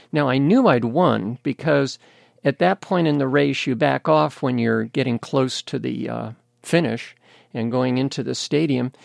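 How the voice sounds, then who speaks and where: An older American man, a guest in an interview, telling his story candidly and in a measured way. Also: mid-range voice, vocal fry, no echo, studio quality. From United States. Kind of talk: interview conversation.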